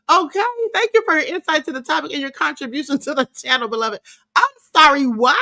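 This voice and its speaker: Sassy high-voiced woman host. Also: expressive, normal speed, pushed and bright. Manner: sassy, scornful, laughing often. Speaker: livestream host. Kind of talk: casual live commentary reading chat.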